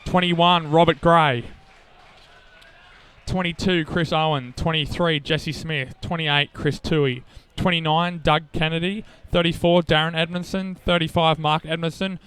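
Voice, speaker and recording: A man's voice: fairly high pitch, fairly even intonation, a bit bright, smooth. A man with an Australian accent, co-commentating a local football final and reading out team lists. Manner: enthusiastic, reads team lists briskly. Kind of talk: live sports commentary.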